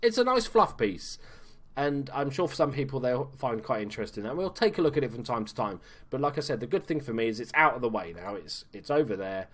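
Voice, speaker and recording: A man talks through a video game in a relaxed, chatty way from home, peppering his commentary with casual swearing and dry little asides. His voice sits at an ordinary middle pitch for a man. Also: fast talker. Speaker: gaming YouTuber.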